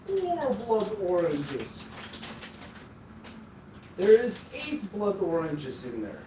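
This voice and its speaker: A gleeful vampire, as a man puts him on, counts in a high, stretched, put-on accent, dragging every word out. The voice sits far from the mic in a roomy space with a noisy background. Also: huge pitch swings, heavily acted. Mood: gleeful counting. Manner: drawn-out, exaggerated, high-pitched accent with cackling "ah, ah, ah".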